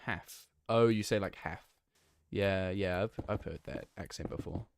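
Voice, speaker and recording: Deep and steady, with some creak, a man's voice moves at a normal pace over background noise. He's streaming a block-building game, rambling casually, replying to chat, and frequently filling and correcting himself.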